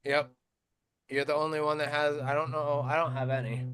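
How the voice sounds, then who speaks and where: A man's voice: on the high side, a little fast, clean tone. A man hosting a racing podcast in casual chat. He tells stories animatedly and uses plenty of fillers. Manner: animated storytelling with many fillers. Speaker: podcast host.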